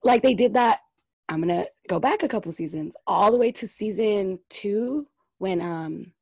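A woman's voice: mid-range voice, animated, normal speed, darkish tone, husky, no echo, studio quality. A woman co-hosting a podcast, giving blunt, opinionated takes on reality TV and swearing freely. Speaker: podcast co-host. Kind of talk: casual reality TV recap chat.

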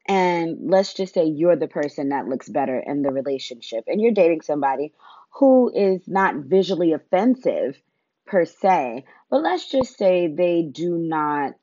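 A woman's voice: fairly low pitch, big pitch swings, normal speed, warm tone, breathy edge, no room sound, highs cut off. A woman, ranting bluntly and profanely, laughing as she talks. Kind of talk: casual comedic rant.

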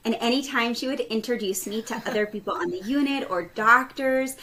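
A woman tells a story from her nursing career, with a bright, forceful tone and a voice a little higher than most. She talks in an animated, chatty way and slips into the voices of the people in her story. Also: fairly quick, slight background noise. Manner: animated, acts out quoted dialogue. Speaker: pediatric ICU nurse, guest. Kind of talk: casual storytelling interview.

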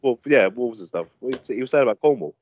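A man's voice: mid-range voice, expressive, quick pace, slight background noise. A young man, chatting casually and laughing easily as a podcast co-host. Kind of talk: casual chat. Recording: dry, dull lo-fi audio.

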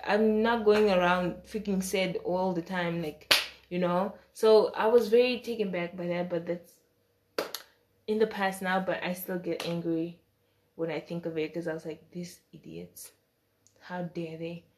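A woman's voice: mid-range voice, darkish tone. A young woman, a student, telling a storytime vlog in a casual, blunt way, slipping into the voices of the people she quotes. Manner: casual and blunt, with slang and swearing.

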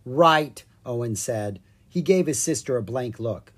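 A reader narrating a children's storybook in an animated, playful way, reading the sound effects aloud. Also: medium pitch, normal speed, husky. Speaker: audiobook reader.

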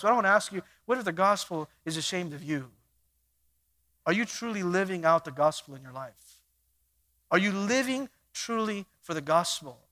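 A man preaching a sermon, swinging between quiet stretches and loud emphatic bursts, acting out little dialogues. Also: high-pitched. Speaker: pastor.

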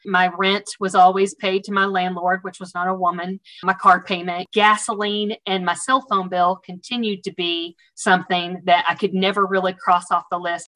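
Woman interview guest telling a story, chatty and animated, self-amused. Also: mid-range voice, poor audio. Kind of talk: casual storytelling.

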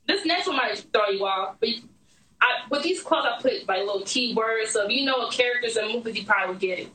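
A woman's voice: a little high, fairly quick, bright, forceful tone, distant mic. A woman hosting a casual quiz game, joking and laughing, with a loose, profane way of talking. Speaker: host. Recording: echoey room, off the mic.

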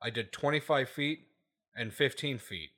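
A man's voice: mid-range voice, moderate pace, pushed and bright. A man hosting a casual podcast, ranting emphatically with lots of swearing and repeated "okay?" checks. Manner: profane, laughs at his own points.

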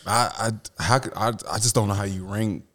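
Man, fairly low voice, animated casual sports argument. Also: brisk. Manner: animated, rises in pitch when arguing, casual slang.

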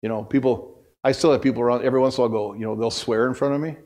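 A man's voice: mid-range voice, steady tone, very fast, a little mellow. A middle-aged male pastor giving a casual, storytelling sermon in a church, folksy and self-deprecating, often restarting his sentences. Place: church sanctuary.

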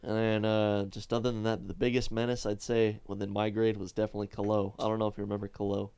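A young man co-hosting a podcast, relaxed, swearing casually as he tells stories. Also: lowish voice, quick pace, clear, resonant tone. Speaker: podcast co-host. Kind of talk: casual chat.

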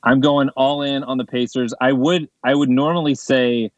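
A man's voice: medium pitch, steady tone, moderate pace, no echo. A man co-hosting a casual sports podcast, joking around and laughing easily. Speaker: podcast co-host.

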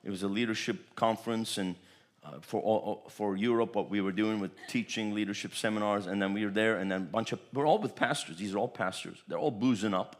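Animated man preaching a sermon. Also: lowish voice, fairly quick. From Turkey. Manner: animated storytelling, repeats words. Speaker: pastor. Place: church.

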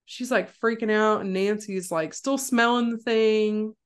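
A woman's voice: unhurried, clean tone. A young woman co-hosting a podcast, casually retelling a horror film scene by scene and acting out the quotes. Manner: animated storyteller, acts out quotes with jumps in pitch. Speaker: podcast co-host.

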